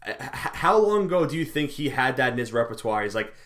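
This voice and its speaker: A man co-hosting a casual sports talk show, relaxed and joking, often repeating his phrases. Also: mid-range voice, fast. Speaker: co-host.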